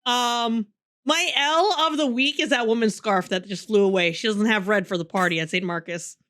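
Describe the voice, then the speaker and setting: A young woman with a mid-range, slightly bright voice speaks at a normal speed as a podcast co-host. She chats casually about a book in a book-club style, laughs often, and swears freely.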